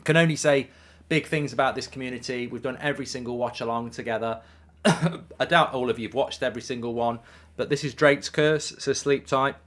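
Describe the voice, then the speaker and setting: A man's voice: mid-range voice, brisk, a bit bright. A man casually chatting on a live stream, reading out viewer messages with plenty of ums. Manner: chatty, reads chat messages aloud, frequent ums. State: hiccups. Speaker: watchalong streamer.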